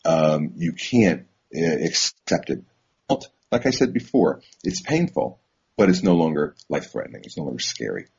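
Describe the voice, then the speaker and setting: A man, a therapist, telling a personal story in a halting, reflective way with many fillers and restarts. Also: very deep voice, sing-song, vocal fry, a little mellow, husky. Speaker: psychotherapist. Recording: dull lo-fi recording.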